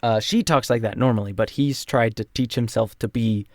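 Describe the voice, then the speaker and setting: A man's voice: mid-range voice, normal speed, a little mellow, no room sound, clean studio sound. A young man co-hosting a casual podcast, recapping a tabletop campaign in a rambling way with many fillers. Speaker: podcast co-host and player.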